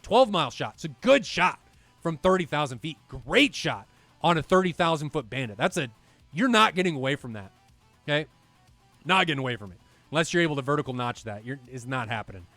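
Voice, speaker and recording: A male commentator calls an air combat match play by play, talking straight to the viewers and getting loud when the action peaks. His voice sits high for a man, and the sound is dry and close. Faint music plays behind him. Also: no echo. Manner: excitable, talks to the viewers directly. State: out of breath at times. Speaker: esports commentator.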